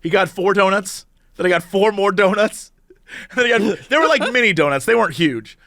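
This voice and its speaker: Talking a little fast in a high voice, a man co-hosting a podcast shares animated stories and laughs often during casual conversation. It's studio quality with no room sound.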